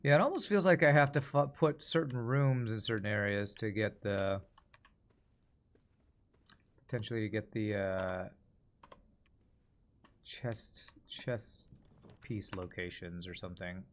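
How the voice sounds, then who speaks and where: A man's voice: fairly low pitch, a little slow, long pauses. A man streaming a puzzle game, thinking aloud and mumbling as he weighs his choices in casual commentary. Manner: musing aloud, mumbling while deciding.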